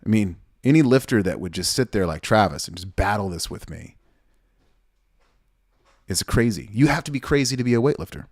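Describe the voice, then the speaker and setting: A man's voice: fairly low pitch, lively intonation, a little fast, no echo, clean studio sound. Fired-up blunt male weightlifting coach. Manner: blunt, fired-up, swears and repeats himself. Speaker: weightlifting coach commenting on his training video. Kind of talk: casual video commentary.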